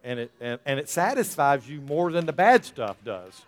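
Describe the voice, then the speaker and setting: A man's voice: a little high, very animated, normal speed. A man preaching a sermon as pastor, folksy and rising to fervent emphasis. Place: church sanctuary. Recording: reverberant church hall, soft music.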